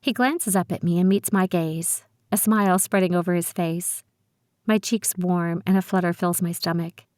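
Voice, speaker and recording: A woman narrating a novel in the first person, reading in a steady, measured way. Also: lowish voice, no room sound, studio quality. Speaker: audiobook narrator.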